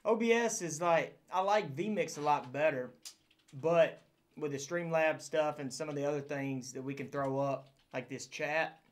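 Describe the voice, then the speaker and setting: A man's voice: on the high side, a little slow. A man with a Southern US accent, co-hosting a casual livestream chat in an easygoing way. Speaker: co-host.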